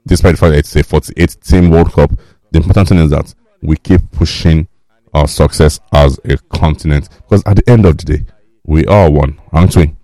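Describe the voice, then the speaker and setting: A man's voice: very deep voice, steady tone, a little fast, dark tone, no room sound. A man with a Nigerian accent hosting a radio talk show from a studio, talking through the news in a conversational, wry way with a few fillers. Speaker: radio host.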